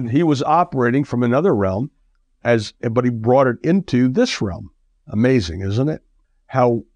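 A man's voice: mid-range voice, a little mellow, no room sound. A man preaching a radio sermon, earnest and exhorting, with lots of repetition.

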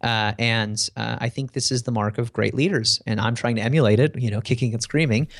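A man's voice: medium pitch, fairly even intonation, a little fast, no echo, studio quality. A man in a casual interview, telling work stories in a conversational way with frequent fillers. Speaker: guest.

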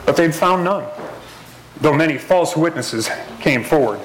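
A man reading scripture aloud in a measured, steady way as a lay reader in church. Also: on the high side, roomy sound, slight background noise, poor audio. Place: church sanctuary.

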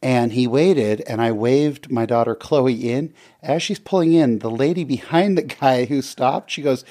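A man's voice: medium pitch, a little slow. Chatty middle-aged male talk host. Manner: animated storyteller, laughs often. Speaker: radio show host. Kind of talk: casual talk-show chat.

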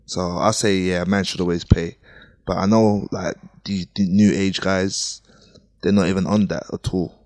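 Deep-voiced laid-back man. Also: steady tone, normal speed, a little mellow, no echo. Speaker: podcast co-host. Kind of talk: casual podcast chat.

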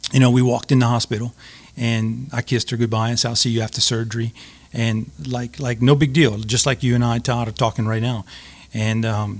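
Earnest man telling a story. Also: medium pitch. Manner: earnest, halting, with many restarts. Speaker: guest. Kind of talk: personal storytelling.

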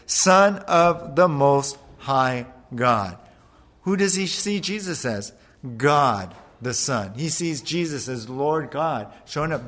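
Animated male preacher with hall reverb. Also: on the high side. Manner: animated, acts out voices in his retelling. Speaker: pastor. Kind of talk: sermon.

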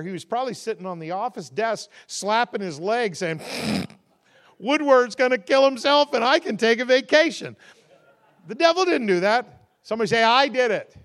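Male pastor, high voice, preaches with climbing intensity and calls the congregation to respond. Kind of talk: sermon.

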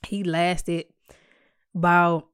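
A woman's voice: lowish voice, little pitch movement, drawn-out words, clear, resonant tone, no room sound. A woman telling a personal story to her viewers in a candid, blunt and profane way, with dry, exasperated humor, acting out what she said at the time. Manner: blunt and profane, acts out her own quoted lines.

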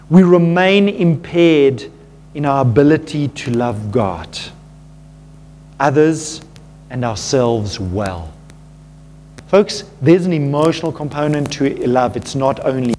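In an unhurried sermon with slight background noise, a pastor speaks earnestly and with animation. He refers to listeners as "folks" and drops his voice low and quiet at tender moments.

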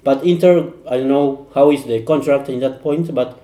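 Guy on a footy podcast, warm low-key tone, echoey room, lots of uhs. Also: normal speed. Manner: hesitant, searches for words. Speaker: podcast panelist. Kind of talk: casual football chat.

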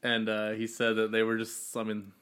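A man co-hosting a podcast, telling relaxed stories and laughing often in casual banter. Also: fairly low pitch, normal speed, smooth. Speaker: podcast co-host.

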